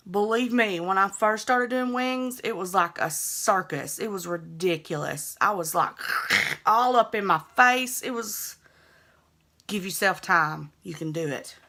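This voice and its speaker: A woman's voice: mid-range voice, animated, a little slow, sharp tone. A young woman with a Southern US accent, chatting easygoing and self-teasing as she narrates a makeup tutorial. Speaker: beauty vlogger.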